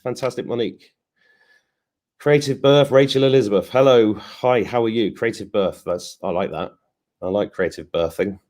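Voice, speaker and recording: A man's voice: lowish voice, normal speed, a little mellow. A man hosting a casual live stream, greeting viewers by name and joking as he rambles. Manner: chatty, joking asides, rambling restarts.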